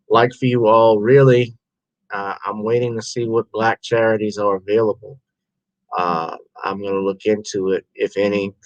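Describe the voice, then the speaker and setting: A tired man chatting on his live stream in a loose, meandering way, often trailing off and starting over. His voice sits fairly low. It sounds dry and close, with little room around it. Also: dry recording, highs cut off. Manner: rambling, loose and informal, trailing off into restarts. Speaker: livestream host. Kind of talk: casual live-stream chat.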